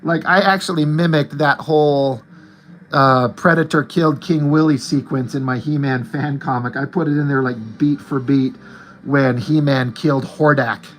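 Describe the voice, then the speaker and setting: A man's voice: a little high, steady tone, moderate pace, a bit bright. A man in his forties hosting his own art channel, chatting casually and with enthusiasm about movies and comics, rambling and saying "like" a lot. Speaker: artist and channel host.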